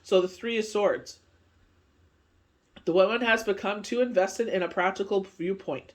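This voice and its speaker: A woman's voice: mid-range voice, normal speed. A woman doing a casual, rambling tarot card reading, full of filler phrases and asides. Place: speaking from Canada.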